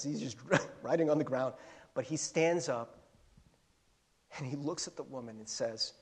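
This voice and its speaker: A man preaching a sermon as a pastor, telling a story with animated asides and chuckles, in a slightly husky voice. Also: a little high, a little slow, long pauses.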